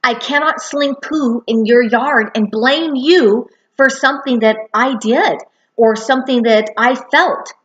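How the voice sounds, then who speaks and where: A woman's voice: a little high, unhurried, fairly bright tone, muffled recording. A woman in her thirties or forties teaching a lesson on boundaries, earnestly acting out quoted dialogue. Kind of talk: spoken lesson.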